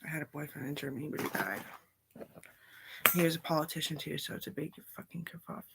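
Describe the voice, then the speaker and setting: A woman's voice: deep voice, fast talker, gravelly, heavy background noise. A woman talking in a loose, drifting casual monologue, often sinking into a whisper.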